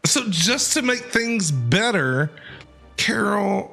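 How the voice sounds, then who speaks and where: A man's voice: sits high, sing-song, slow pace, creaky, sharp tone, faint music behind. A man streamer reacting emotionally to a game's story, exclaiming and repeating himself. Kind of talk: casual game reaction commentary.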